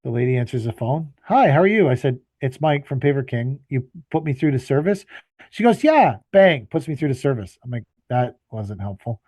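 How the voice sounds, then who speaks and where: A man's voice: mid-range voice, brisk, mellow, dry recording. A man co-hosting a casual podcast, telling an exasperated, profanity-laced story and acting out both sides of his phone calls, sounding tired. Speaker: podcast co-host, landscaping business owner.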